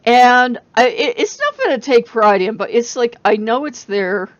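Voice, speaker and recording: A woman talks straight to camera in a casual vlog, animated and often breaking into laughter. Her pitch sits in the middle but swings widely as she tells the story. The recording is dry and a little dull. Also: normal speed, dry recording. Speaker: channel host.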